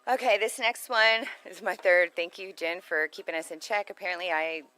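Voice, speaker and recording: A woman's voice: lowish voice, normal speed, bright, forceful tone, low-quality recording. A woman co-hosting a casual radio chat show, rambling, giggly and easily sidetracked. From Texas.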